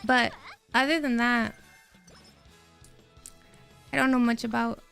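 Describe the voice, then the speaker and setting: A woman streamer chatting casually while she plays a game, rambling and excitable, answering her chat as she goes. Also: a little high, slow, creaky, faint music behind.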